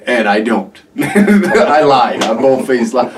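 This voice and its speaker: A man's voice: medium pitch, lively intonation, slow. A podcast host telling a story with frequent swearing and laughs. His voice sits in the middle range and is picked up from a little away from the mic, with a faint hiss behind it. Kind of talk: casual chat. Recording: distant mic, faint background noise.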